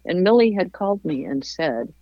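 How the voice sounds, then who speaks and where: A woman telling a long personal anecdote in a relaxed interview, acting out the voices of the people in it. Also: fairly low pitch, no room sound, highs cut off. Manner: slow, warm anecdote-telling with voiced quotes and laughs. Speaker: guest. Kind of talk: storytelling in a casual interview.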